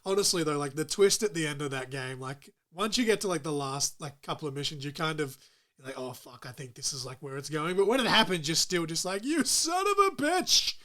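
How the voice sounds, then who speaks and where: A man's voice: a little high, fairly quick, a bit bright. A young man hosting a podcast interview in a casual, rambling way, laughing often and swearing freely. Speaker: podcast host.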